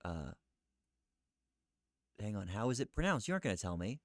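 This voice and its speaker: Low, dry-voiced man thinking aloud. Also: sing-song, no echo. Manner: muttering, self-questioning, reading aloud haltingly. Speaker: streamer researching live. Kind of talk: thinking aloud while reading search results.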